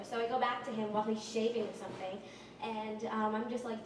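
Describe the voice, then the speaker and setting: A woman's voice: fairly high pitch, steady tone, fairly quick, background noise. A teenage girl telling a rambling stand-up story at an open mic, full of likes and ums. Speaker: stand-up performer. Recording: echoey room from far off.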